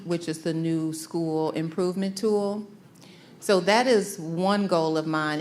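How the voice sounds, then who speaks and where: A woman school district leader answering questions at a community forum in a measured, explanatory way. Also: lowish voice, a little mellow.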